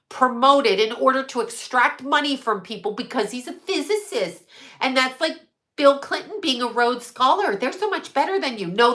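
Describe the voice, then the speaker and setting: A woman's voice: on the high side, sharp tone. A woman hosting a casual livestream from her desk mic, rambling and conspiratorial, swearing and answering chat as she goes. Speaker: livestream host. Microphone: desk microphone.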